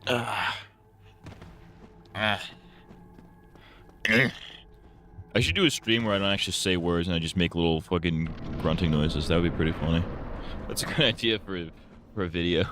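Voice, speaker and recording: Low-voiced man cursing through a game. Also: moderate pace, long pauses, slight background noise. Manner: profane, rambling, muttered curses. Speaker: game streamer. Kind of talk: casual livestream commentary while gaming. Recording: loud game gunfire behind.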